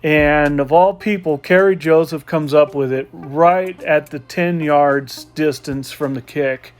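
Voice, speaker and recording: A man telling a casual, animated story about a football game he watched from the stands. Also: a little high, slow pace. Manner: excited, animated game recap with laughs. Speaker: football fan.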